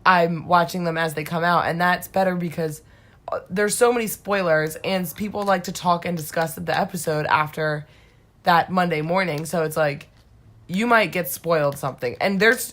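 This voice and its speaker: A young woman co-hosting a casual chat, reading out questions and chatting back quickly. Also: on the low side, fairly bright tone. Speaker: podcast co-host.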